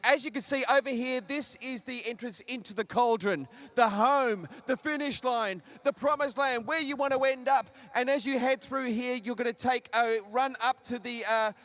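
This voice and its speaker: Man, very high voice, excitable trackside host for a live outdoor broadcast. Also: moderate pace, few pauses. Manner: upbeat, exclamatory, calls out to the crowd. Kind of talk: live event hosting and interviews. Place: outdoors at a stadium finish line.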